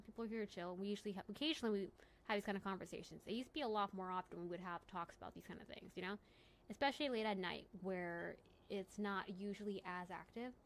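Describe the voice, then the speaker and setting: A woman's voice: mid-range voice, a bit bright, slight background noise. A young woman hosting a late-night livestream from home, chatting casually and rambling with lots of "like" and "you know". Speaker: livestream host.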